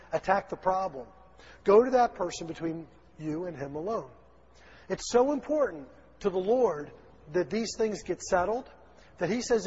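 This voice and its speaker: High-voiced folksy Southern preacher. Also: male voice, darkish tone, a little hiss or hum. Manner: folksy, acts out little dialogues, chuckles. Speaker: pastor. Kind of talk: sermon. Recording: dull, lo-fi sound in a long-echo hall.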